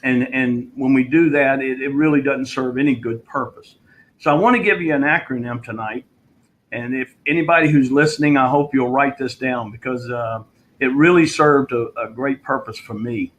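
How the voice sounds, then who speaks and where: A man's voice: mid-range voice, normal speed, dull audio. Male life coach, mid voice, easygoing storyteller, live online Q&A. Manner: storytelling, relaxed with filler words. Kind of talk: answering a viewer question in a live online session.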